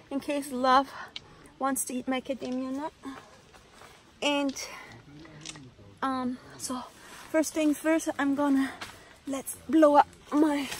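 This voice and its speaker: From inside a tent in a forest, a woman vlogs to camera in a high voice, talking dramatically with lots of exclamations and saying "oh my gosh" over and over. There's slight background noise.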